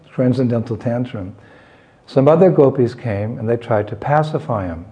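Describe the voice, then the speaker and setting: A man's voice: medium pitch, unhurried, dark tone. A man giving a devotional lecture, retelling a scripture story with frequent chuckles and hesitant fillers. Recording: dull lo-fi recording.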